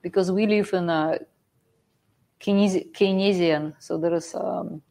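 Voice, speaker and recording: Russian lady guest, accented english, kinda hesitant, lots of uhs, lowish voice. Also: fairly even intonation, measured pace, vocal fry. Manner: hesitant, many uh fillers, soft laughs. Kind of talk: casual chat.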